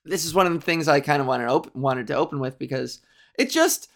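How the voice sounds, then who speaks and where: A woman's voice: low-pitched, brisk. A woman hosting a solo podcast, chatting casually in a rambling, jokey way, full of ums and self-corrections. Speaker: podcast host.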